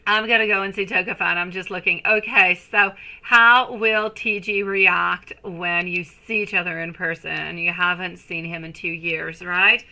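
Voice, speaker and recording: Bright-voiced woman reading tarot live. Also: on the low side, fairly even intonation, normal speed, few pauses, low-quality recording. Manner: affectionate, calls viewers sweetie and my love; chatty, rambling. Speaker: tarot reader.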